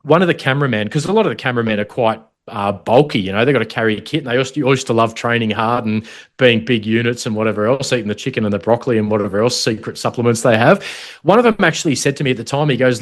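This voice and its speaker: A man's voice: mid-range voice, very fast. A middle-aged Australian man, a former protection officer, telling stories in an interview in a blunt, matey way with swearing, choked up at times. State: choked up, holding back tears at times. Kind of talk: emotional storytelling interview.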